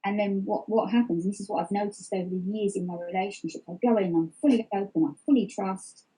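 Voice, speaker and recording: A woman's voice: mid-range voice, steady tone, fast talker, warm tone, breathy edge, poor audio. A middle-aged woman speaking openly as an interview guest, reflective and candid, often restarting her sentences. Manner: reflective, open, many restarts and fillers. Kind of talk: open personal interview.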